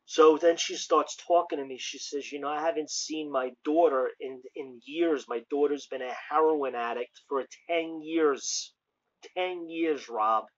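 A man sharing an impassioned testimony, acting out the dialogue as he tells it. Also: a little high. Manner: animated storyteller who acts out the dialogue. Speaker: street preacher and online ministry host. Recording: lo-fi dull sound.

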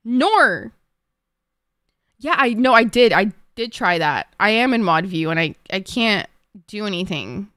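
A woman's voice: mid-range voice, big pitch swings, unhurried, fairly bright tone, no echo, studio quality. A woman streamer chatting to her viewers, flustered and swearing often. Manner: flustered, swearing, talks to chat. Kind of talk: casual live-stream chat.

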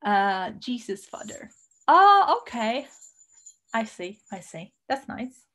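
High, animated Italian woman teacher. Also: slow pace, slight background noise. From Italy. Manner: animated, chatty, reads viewer comments aloud. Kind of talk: live-stream lesson.

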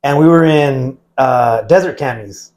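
A man's voice: medium pitch, a little slow, low-quality recording. Laid-back veteran man telling stories. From United States. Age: middle-aged. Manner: laid-back, loud when acting out shouted lines. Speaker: veteran guest. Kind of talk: casual storytelling.

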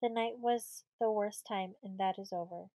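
A woman's voice: mid-range voice, steady tone, normal speed, mellow, no echo, lightly acted, low-quality recording. A woman voicing a brave teenage girl in command of a fort, speaking firmly and earnestly. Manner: firm, earnest.

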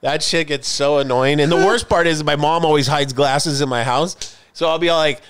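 A man's voice: on the high side, moderate pace, fairly bright tone, clean tone. A middle-aged man hosting a podcast in casual chat, joking and running through stand-up bits. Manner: joking, telling stand-up bits with acted-out quotes. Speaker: podcast host.

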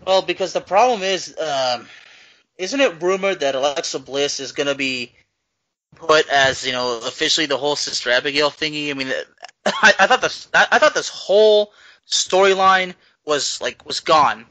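A man's voice: a little high, moderate pace, bright, forceful tone, no room sound, poor audio. A man co-hosting a podcast, chatting casually and thinking aloud with restarts. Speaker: podcast co-host.

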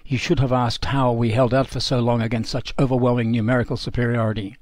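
A man's voice: medium pitch, little pitch movement, fast, a little mellow, no room sound, natural voice. A man doing a snarling, haughty general. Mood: fuming. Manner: snarling, stiff and indignant. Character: haughty, furious old German general, a prisoner.

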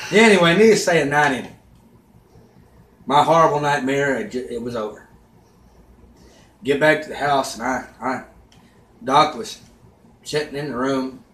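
A man telling a comedic story in a casual vlog rant, animated, swearing and shouting out the lines he quotes. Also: mid-range voice, moderate pace, long pauses. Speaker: vlogger. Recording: echoey room, faint background noise.

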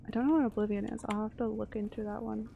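A young woman from Canada chatting and reacting loudly while streaming a game. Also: on the high side, fairly even intonation, quick pace, vocal fry, phone-quality sound, slight background noise. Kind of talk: live game stream commentary.

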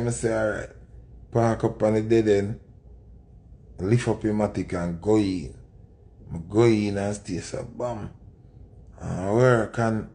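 A man's voice: mid-range voice, mellow. A man with a Jamaican accent telling a rambling anecdote in a casual way. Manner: rambling patois anecdote with quoted voices. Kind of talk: casual storytelling.

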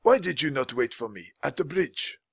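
Man voicing a calm, wise old man. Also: mid-range voice, moderate pace, vocal fry, slightly rough, dry recording, studio quality, pitched above the performer's own voice, full character voice. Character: kind older man, small, wise, gently amused.

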